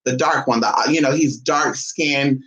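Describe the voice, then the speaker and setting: In a lo-fi recording, a woman vlogger chats to the camera at a measured pace. Sassy and chatty, she calls her listeners "honey," her voice swinging between high and low.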